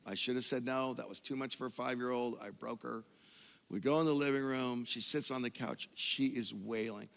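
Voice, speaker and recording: Middle-aged male pastor, storytelling sermon that swings from hushed to emphatic, forceful tone, long church-hall echo. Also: medium pitch, gravelly.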